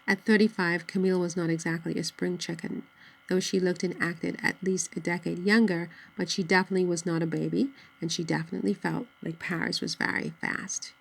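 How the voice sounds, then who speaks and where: A woman narrating a novel in a steady, measured audiobook reading. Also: on the low side, vocal fry, poor audio.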